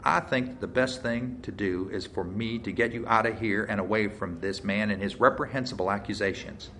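A man voicing a polite small-town sheriff's deputy who speaks in a calm, matter-of-fact way. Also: lowish voice, normal speed, slight background noise.

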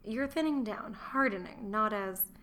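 A woman reading the lines of a gruff, middle-aged Roman merchant who is contemptuous of his wife, in a scornful, grumbling manner, as an audiobook character voice. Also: medium pitch, measured pace, fairly bright tone, a little hiss or hum, natural voice.

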